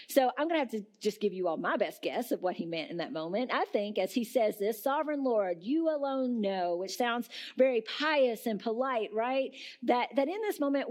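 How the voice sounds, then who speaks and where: A woman's voice: mid-range voice, a little mellow. Woman preaching in a conversational way. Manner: conversational preaching with fillers and asides to the congregation. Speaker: pastor. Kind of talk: sermon. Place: church sanctuary.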